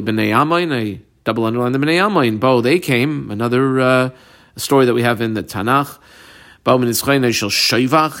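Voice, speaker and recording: A man teaching a Talmud class, translating terms one by one and telling students what to underline, with frequent pauses and fillers. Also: medium pitch, a bit bright. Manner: translates terms one by one, marks the text aloud. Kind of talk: line-by-line text study class.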